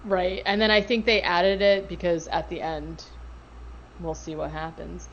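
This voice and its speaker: A woman's voice: lowish voice, level tone, measured pace, a bit bright, lo-fi sound, a little hiss or hum. A woman co-hosting a podcast, casually recapping a TV episode with lots of filler words and swearing. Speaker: podcast co-host.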